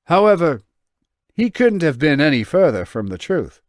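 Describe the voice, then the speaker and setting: Narrating his own novel for an audiobook, a man with a slightly high voice speaks at a moderate pace, telling the story expressively and voicing the dialogue. The studio sound is clean, with no echo.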